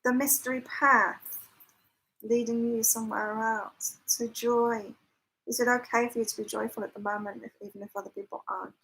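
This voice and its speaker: Chatty lady doing a live psychic chat, bit high voice, faint hiss behind. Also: flat delivery, normal speed, fairly bright tone, rough recording. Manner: chatty, laughs often, reads out viewer comments. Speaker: psychic livestream host. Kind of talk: casual live chat with viewers. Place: temporary lodging, staying away from home.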